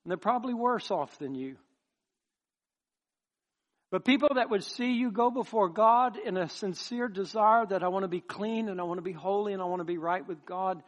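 A man preaching a sermon as pastor, impassioned and emphatic, turning soft and pleading at times. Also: a little high.

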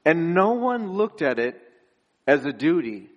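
A young man preaching from the front of his church in a fairly high voice. He tells stories in an earnest, chatty way and chuckles between his phrases. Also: sing-song, a little slow, lo-fi sound. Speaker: pastor. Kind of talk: conversational sermon.

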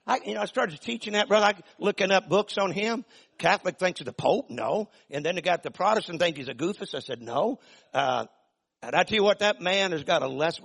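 An older man preaching a sermon in a folksy, emphatic way, with sudden loud bursts and drawn-out phrases. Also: fairly high pitch. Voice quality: gravelly, husky. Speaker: pastor.

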